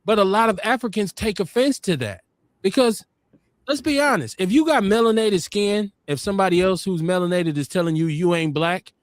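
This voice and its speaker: A man hosting a podcast, telling stories and arguing his points in an animated, emphatic way. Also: high voice, fairly quick, no room sound. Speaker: podcast host. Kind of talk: casual debate talk.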